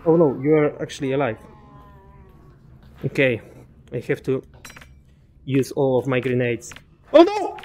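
A man's voice: medium pitch, fairly even intonation, measured pace, long pauses, darkish tone, slight background noise. A young man giving casual let's-play commentary, chatting to enemies and muttering asides to himself. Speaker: gaming commentator.

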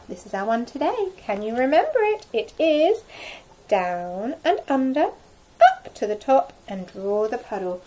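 A woman teaching a phonics lesson to nursery children, sounding out letters slowly in an exaggerated, encouraging way. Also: a little high, big pitch swings, warm tone, low-quality recording. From England. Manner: drops to a whisper now and then.

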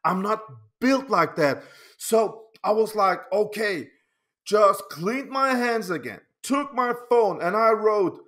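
High-voiced man ranting slowly. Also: lively intonation, a bit bright. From Denmark. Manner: agitated, repeating words and restarting sentences; swears often. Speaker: pinball YouTuber. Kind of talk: casual vlog rant.

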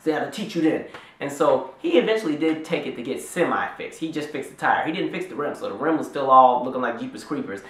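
A man in his twenties telling a rambling, animated story in a storytime vlog, with lots of "like"s. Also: medium pitch, quick pace, hardly any pauses, roomy sound. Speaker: vlogger.

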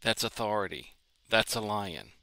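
Earnest low-voiced male preacher, bright tone. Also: lively intonation, a little slow, no echo. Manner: earnest, repetitive, builds emphasis by restating. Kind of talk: sermon.

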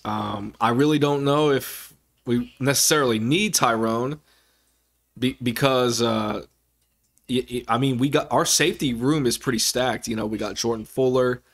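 A sports fan vlogger with a mid-range male voice, speaking at normal speed, talks casually about his football team, rambling with lots of fillers and restarts.

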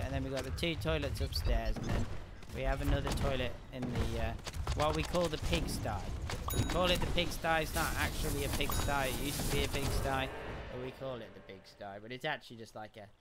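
Excitable man streaming a game. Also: medium pitch, heavy background noise. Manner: excitable, cheers at the screen, chats with viewers. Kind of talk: live gameplay commentary.

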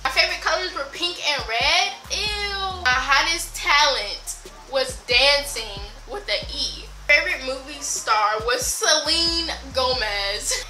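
A woman's voice: high voice, expressive, unhurried, sharp tone, roomy sound, soft background music, poor audio. A teenage girl vlogging casually, reading her old diaries aloud and reacting with gasps, laughs and exclamations. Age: teens.

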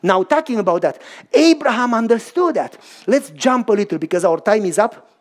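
A man's voice: sits high, lively intonation, normal speed. A man preaching a sermon to a live audience, telling a story and acting out both sides of a dialogue while questioning his listeners directly. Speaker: pastor.

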